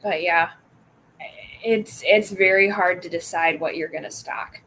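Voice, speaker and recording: A woman co-hosting from a knife shop, chatty and quick in casual conversation. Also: fairly low pitch, steady tone, bright, forceful tone, slight background noise. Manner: chatty, quick, laughs easily. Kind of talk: casual chat.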